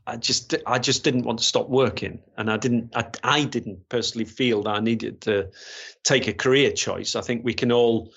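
A man's voice: medium pitch, fairly even intonation, moderate pace, creaky, fairly bright tone, breathy edge. A man, a retired police officer recounting his career in a rambling way, with many restarts and fillers. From Gateshead, England. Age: 60s. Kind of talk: storytelling interview. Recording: slightly dull, lo-fi sound.

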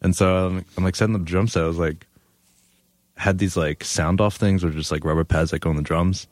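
A man's voice: deep voice, fairly even intonation, brisk, dry recording. A young man, a guest, telling laid-back stories in casual chat, laughing often.

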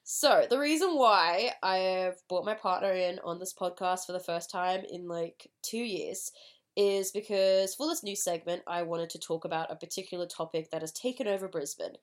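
A woman's voice: fairly low pitch, normal speed. An Australian woman in her twenties or thirties hosts a casual podcast, talking earnestly and a little ranty. A cold has made her voice nasal, and the sound is dry and close, with no room echo. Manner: earnest, chatty, ranting. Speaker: podcast host.

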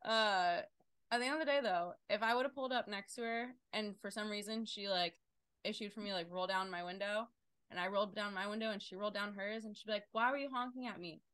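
Young female podcast co-host: bright voice, animated, swears freely, dry close mic. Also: mid-range voice, brisk, clear, resonant tone, dry recording. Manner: animated storytelling, swears freely, loud outbursts. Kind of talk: casual chat.

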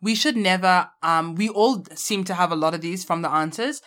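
A woman's voice: lowish voice, moderate pace, a bit bright. A young adult woman co-hosting a podcast, chatting casually in a blunt, playful way. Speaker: podcast co-host. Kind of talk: casual chat.

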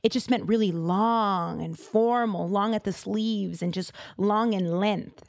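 A woman from Boston hosting a casual podcast, chatty and animated, full of fillers and quick asides. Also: medium pitch, gravelly, no room sound, clean studio sound. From Boston, USA. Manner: chatty and animated, with lots of fillers and side remarks. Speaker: podcast host.

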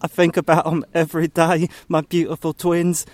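A man's voice: on the high side, monotone, moderate pace, a little mellow, close to an everyday voice. A man playing a self-pitying, divorced male roommate with an accent, stammering and hesitant in a gloomy improv comedy scene.

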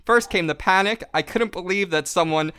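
A man's voice: high voice, normal speed, sharp tone, clear, resonant tone, dry recording. A man hosting a podcast, reading out listener mail in a mock-dramatic way.

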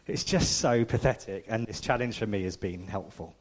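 A man preaching a conversational, self-deprecating sermon, often checking in with the congregation. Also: fairly low pitch. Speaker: pastor.

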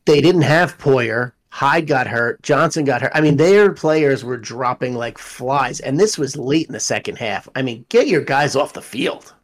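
Speaking at a measured pace with lively intonation and hardly any pauses, a medium-pitched man co-hosts a casual sports podcast about football. He's blunt, curses freely, and pokes fun at his own team.

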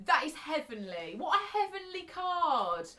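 A woman co-hosting a podcast, chatting casually with warm murmured reactions and teasing remarks. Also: high voice, very animated, unhurried. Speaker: podcast co-host. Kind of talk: casual chat.

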